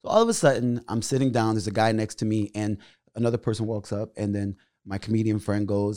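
Animated storytelling man. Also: brisk. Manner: animated, swings loud and high when reenacting. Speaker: stand-up comedian, guest. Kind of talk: casual storytelling.

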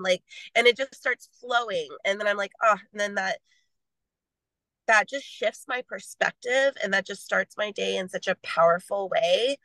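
A woman's voice: mid-range voice, normal speed, fairly bright tone, no room sound, poor audio. A young adult woman talking as a podcast guest, earnest and rambling, sharing her faith in a casual way. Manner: earnest, rambling with many "like" fillers.

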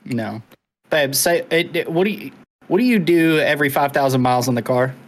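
A man's voice: a little high, lively intonation, brisk. A man chatting casually as a podcast co-host, teasing and swearing freely. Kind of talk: casual chat.

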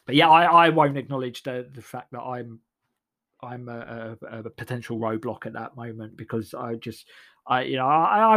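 A man's voice: medium pitch, fairly bright tone. A man delivers a sardonic, rambling comic monologue full of restarts.

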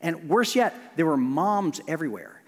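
A middle-aged male pastor preaching a sermon, shifting from loud emphasis to hushed near-whispers. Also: a little high, expressive, moderate pace. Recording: long hall reverb.

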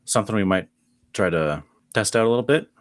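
Tired, very low-voiced man, rambling podcast co-host, dry close mic. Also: lively intonation, brisk, dry recording. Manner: rambling, filler-heavy. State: worn-out, tired voice. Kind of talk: casual chat.

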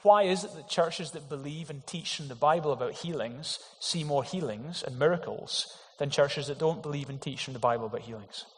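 A man's voice: a little high, brisk, hardly any pauses. A man preaching a sermon, earnest and emphatic, with rhetorical questions to the congregation. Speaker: pastor. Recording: long hall reverb.

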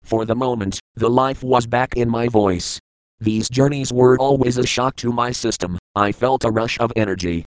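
Smooth-voiced man reading an audiobook. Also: medium pitch, normal speed, dry recording, rough recording. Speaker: audiobook narrator. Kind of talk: first-person audiobook narration.

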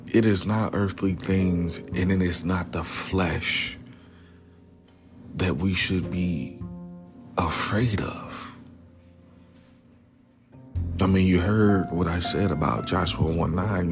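A man giving an informal, earnest devotional talk. He often drops to a whisper on key words and casually keeps saying "man". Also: sits low. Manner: casual, repeatedly says "man". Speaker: Christian speaker. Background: music.

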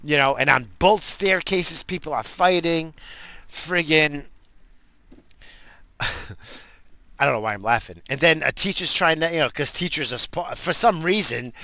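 Gravelly, bright-voiced swearing storyteller man. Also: fairly high pitch, measured pace, pauses often, no echo. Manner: animated, swears constantly, rambling with restarts. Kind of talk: casual profane storytelling.

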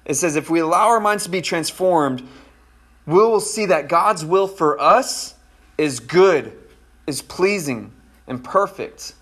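A pastor delivers a sermon in a relaxed, folksy way and keeps checking in with his congregation. His man's voice sits a little on the high side. He often slows down to press a point home, then speeds up as he tells his own stories. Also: breathy edge. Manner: conversational, folksy, addresses congregation directly.

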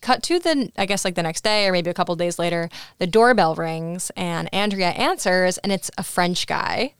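Smooth low-voiced woman recapping a movie. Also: no echo, studio quality. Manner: chatty retelling, quick quoted character lines. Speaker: podcast co-host. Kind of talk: casual movie recap chat.

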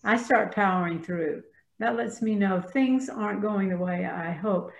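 A woman priest with a Southern US accent, speaking thoughtfully and gently in a spiritual discussion over a video call. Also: mid-range voice, unhurried, creaky, lo-fi sound. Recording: roomy echoey sound.

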